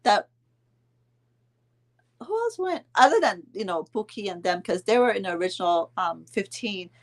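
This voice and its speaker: A woman in her thirties casually telling a vacation story to her viewers, chatting along with their comments and filling pauses with "um". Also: medium pitch. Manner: chatty, answers viewer comments, frequent ums and laughs. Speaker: vlog host telling a story to live viewers.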